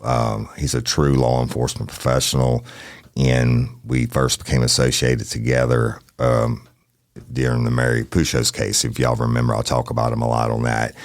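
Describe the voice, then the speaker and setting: Very deep, gravelly-voiced man hosting a podcast. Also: monotone, moderate pace, no room sound, studio quality. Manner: blunt, folksy, swears casually. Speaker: podcast host. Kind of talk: true crime podcast interview. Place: studio.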